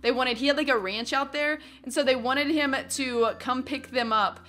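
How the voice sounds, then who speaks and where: A young adult woman telling a story from her teens in a casual vlog, animated and acting out what other people said. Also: sits high, moderate pace. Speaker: vlogger.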